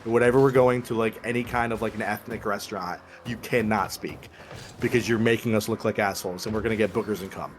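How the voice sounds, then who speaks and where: A man's voice: on the low side, steady tone, quick pace, a little hiss or hum. A young man co-hosting a podcast, telling crude stories and laughing often in casual chat. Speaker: podcast co-host.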